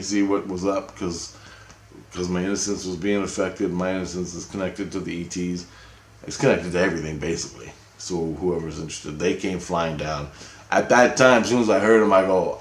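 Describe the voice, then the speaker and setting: A man telling a long, rambling story in casual, profane speech, often checking in with "right?". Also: low voice. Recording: roomy echo.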